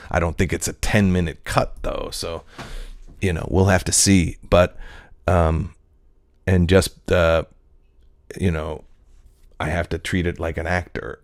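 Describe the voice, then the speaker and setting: Male comedian-actor, very low voice, dry close sound; rambling, profane, thinking out loud. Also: no echo. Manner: rambling, loose, profane, full of fillers. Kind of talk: casual reflective monologue.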